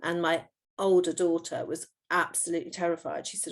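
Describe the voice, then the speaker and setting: Woman, middle-aged, homeopath in an interview, low voice, vocal fry, patient explaining, frequent fillers. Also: fairly even intonation, fairly quick.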